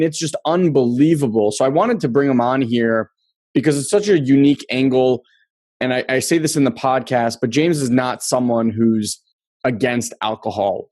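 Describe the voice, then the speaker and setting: Male podcast host, mid-pitched, upbeat and chatty, dry close-mic sound. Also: darkish tone, no room sound. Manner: upbeat, laughs often, chatty. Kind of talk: casual interview chat.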